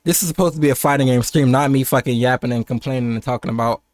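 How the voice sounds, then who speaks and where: A man's voice: mid-range voice, fast, darkish tone, no room sound. Laid-back American man streaming, dry sound. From United States. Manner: rambling and laid-back, with frequent laughs and restarts. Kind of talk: casual livestream chat.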